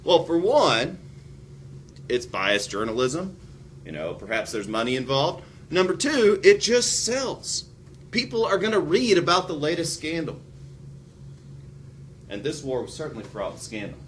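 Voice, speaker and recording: Animated, wry male history lecturer. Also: normal speed, long pauses, slight background noise. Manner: animated, acts out quotes with big pitch jumps; wry, sarcastic asides. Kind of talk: recorded college lecture.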